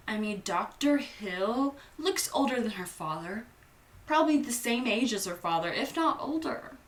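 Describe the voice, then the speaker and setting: A woman's voice: on the high side, lively intonation, normal speed, reverberant, far from the mic, slight background noise. A young woman hosting a casual movie recap, chatty and playful, acting out the characters' lines. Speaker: host.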